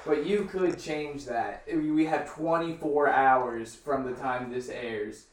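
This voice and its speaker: A man's voice: mid-range voice, slow pace. A man co-hosting a podcast, casually telling stories and trading crude jokes. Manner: joking, storytelling, crude banter. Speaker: podcast co-host. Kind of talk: casual chat. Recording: echoey room from far off, faint noise.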